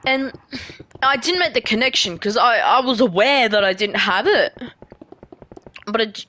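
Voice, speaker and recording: A woman's voice: mid-range voice, dry recording. Rambling woman building in a game. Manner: rambling, self-deprecating, trails off quietly. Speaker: gaming creator. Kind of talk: casual gameplay commentary.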